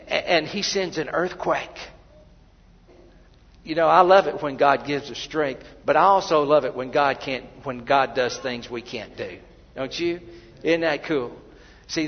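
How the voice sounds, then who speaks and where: A man preaching a sermon, fervent and emphatic, building to loud peaks and often restarting his phrases. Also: fairly high pitch, creaky. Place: church sanctuary. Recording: long hall reverb, dull lo-fi sound.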